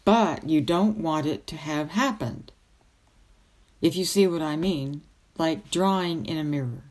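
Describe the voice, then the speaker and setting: A woman's voice: low-pitched, a little slow, a little mellow. A woman voicing an old male wizard tutor who lectures kindly but sternly in a storybook reading. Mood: musing.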